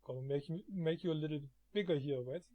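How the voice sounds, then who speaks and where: A man streaming from home, chatting casually, often halting and laughing. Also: fairly high pitch, no echo, narrow, tinny audio.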